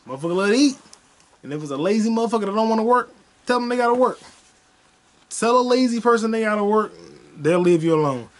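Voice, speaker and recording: A young man hosting his own podcast, telling loose, profane stories and repeating his punchlines. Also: sits high. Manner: loose, profane, repetitive storytelling. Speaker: podcast host. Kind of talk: solo comedic podcast monologue.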